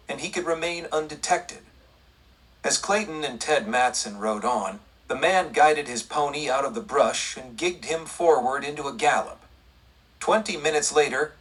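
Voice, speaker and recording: A man narrating a western audiobook in a steady, even storytelling read. His voice is husky, of middling pitch, and recorded a little way back from the microphone. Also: distant mic, low-quality recording. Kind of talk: scripted narration.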